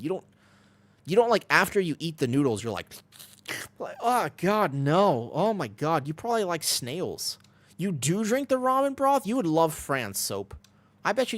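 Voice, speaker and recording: Young man, game streamer, rambling casual chat, very lively pitch, keyboard clatter behind. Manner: rambling, animated, reads chat and answers. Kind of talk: casual chat while gaming.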